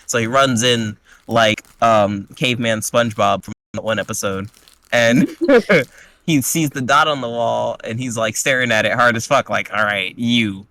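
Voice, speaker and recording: A man's voice: medium pitch, a little slow, dry recording. A man casually recapping a tabletop game session with crude, joking energy. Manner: crude, joking, animated retelling. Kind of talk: casual chat.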